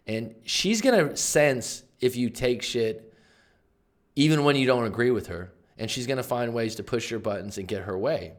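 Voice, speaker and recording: A man, a life coach, explaining a book's ideas in casual, emphatic commentary with sudden loud bursts. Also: on the low side.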